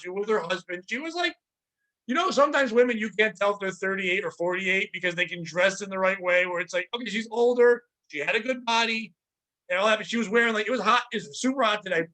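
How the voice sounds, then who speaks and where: A man's voice: fast, low-quality recording. A podcast host telling a work story in casual chat, acting out the other people's lines as he goes. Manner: animated storyteller, acts out quotes with pitch jumps.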